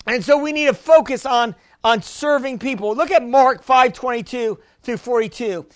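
A man's voice: very high-pitched, normal speed, no room sound. A man preaching an emphatic sermon, often repeating words as he builds. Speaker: pastor.

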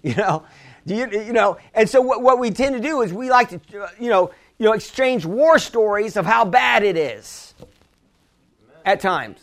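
Guy with a high voice preaching a sermon, chatty, lots of restarts and asides. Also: animated, normal speed, a bit bright. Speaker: pastor.

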